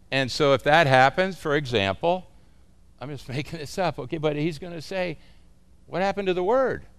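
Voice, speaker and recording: A man's voice: a little high, clean tone. A man teaching other pastors in an informal, folksy way, often chuckling as he talks.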